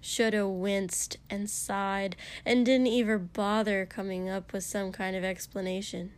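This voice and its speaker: Woman reading a story aloud, soft and hushed, slow pace. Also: mid-range voice, fairly even intonation. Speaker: narrator. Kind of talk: audiobook reading of fiction.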